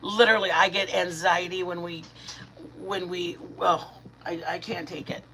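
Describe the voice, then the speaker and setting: A woman's voice: level tone, measured pace, slight background noise. Chatty middle-aged woman on a live stream. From Michigan. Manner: chatty, warm toward viewers, greets chat by name, talks to her dogs in a high baby voice. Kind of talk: casual live-stream chat.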